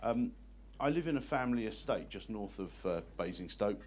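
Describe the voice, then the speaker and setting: A man's voice: fairly low pitch, lively intonation, moderate pace, a little hiss or hum. A man performing a live stand-up comedy set in a hotel function room, telling self-deprecating one-liners.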